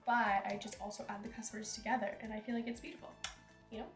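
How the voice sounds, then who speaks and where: A woman's voice: medium pitch, flat delivery, fast, roomy sound, soft background music. A young woman streamer chatting casually and giggling while she plays a game. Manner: chatty, giggly, reads game lines aloud. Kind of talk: casual chat while playing.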